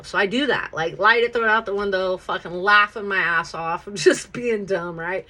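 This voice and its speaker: A woman hosting her own podcast, telling a personal story in a casual, profane, animated way and often checking in with "right?". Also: medium pitch, moderate pace, hardly any pauses.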